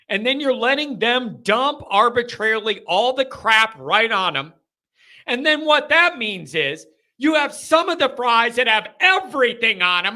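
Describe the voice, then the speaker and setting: A young man hosting a live call-in fan show, ranting and joking in an animated way. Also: high-pitched.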